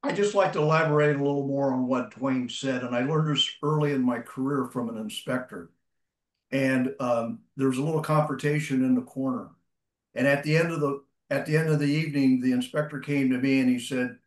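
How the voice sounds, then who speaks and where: A male boxing referee calmly telling an anecdote in a seminar. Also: medium pitch, brisk. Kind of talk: seminar comment. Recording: roomy, distant mic.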